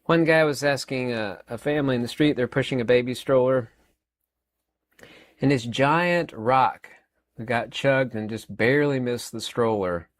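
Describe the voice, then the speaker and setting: A man's voice: mid-range voice, measured pace, dry recording. Emphatic man in his fifties, dry sound. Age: 50s. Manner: emphatic, repeats words, frequent fillers. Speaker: channel host. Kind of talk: rambling opinion monologue.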